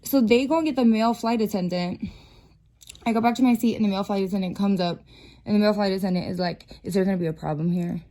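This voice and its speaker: A woman telling a story to her viewers in a casual, exasperated, animated way, full of slang. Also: medium pitch, quick pace. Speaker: vlogger. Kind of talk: storytime vlog.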